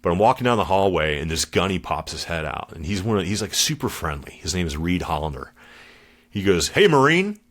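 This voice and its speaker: Deep-voiced laid-back former Marine storyteller. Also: male voice, a little fast, a bit bright. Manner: laid-back and slangy, calls host dude and brother. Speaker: podcast guest, former Marine. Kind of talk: casual storytelling interview.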